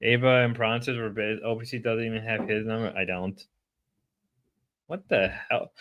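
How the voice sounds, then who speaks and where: A man streaming while sick, chatting casually and rambling, with sudden loud outbursts. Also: on the low side, flat delivery, brisk, muffled recording, a little hiss or hum.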